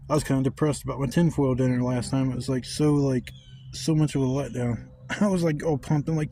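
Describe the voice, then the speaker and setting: Camping vlogger man, outdoors at a woodland camp, dark, relaxed voice, loose rambling chat with plenty of swearing. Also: medium pitch, fast, a little hiss or hum. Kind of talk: casual chat.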